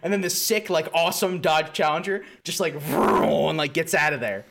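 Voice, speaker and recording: A man's voice: fairly high pitch, fairly quick, a bit bright. A man co-hosting a podcast in casual comedic chat, riffing at length and peppering his talk with "like". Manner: rambling, lots of "like", riffs on bits. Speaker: podcast co-host.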